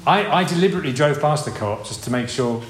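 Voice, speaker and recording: A man's voice: fairly high pitch, animated, fast talker. Guy preaching, chatty and rambling, roomy room. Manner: conversational, rambling with restarts and asides. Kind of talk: informal sermon. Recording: roomy hall with faint ambience.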